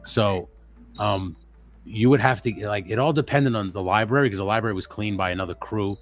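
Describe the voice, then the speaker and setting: A man's voice: fairly low pitch, a little fast. A young man telling a ghost story in a casual, profane, rambling way, restarting his sentences. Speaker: livestream co-host.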